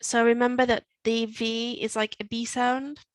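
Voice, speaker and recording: A woman teaching Spanish to learners, repeating phrases slowly and explaining them step by step. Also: a little high, flat delivery, dry recording, rough recording. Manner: slow, careful modelling of Spanish phrases. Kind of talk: recorded language lesson.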